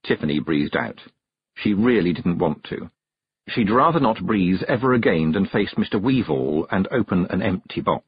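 A man narrating a storybook in a measured, expressive reading voice. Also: deep voice, slightly rough, lo-fi sound. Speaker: audiobook narrator.

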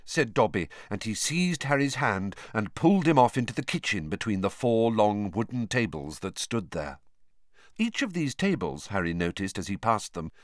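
With a mid-range voice, a man narrates an audiobook from a script in an expressive, story-driven way. There is no room sound, and the recording has studio quality.

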